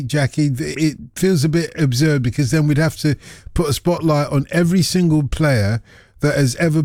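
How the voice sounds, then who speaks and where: A man's voice: a little high, a little mellow, no echo, clean studio sound. A man hosting a live sports phone-in, joking and teasing his guests. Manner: bantering, teasing, quick asides. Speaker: radio phone-in host. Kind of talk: live sports talk radio. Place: radio studio. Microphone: studio microphone.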